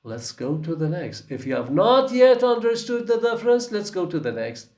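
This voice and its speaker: A man teaching English pronunciation, slow and repetitive, often asking "okay?" to check understanding. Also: high-pitched, sing-song, a little mellow. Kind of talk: recorded phonetics lesson. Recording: echoey room.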